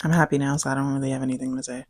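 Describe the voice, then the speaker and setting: A woman's voice: very fast, dry recording. A young woman co-hosting a podcast, telling a story casually and acting out the quoted lines. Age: young adult. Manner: animated storytelling, acts out quotes with big pitch jumps. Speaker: podcast co-host. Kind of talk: casual chat.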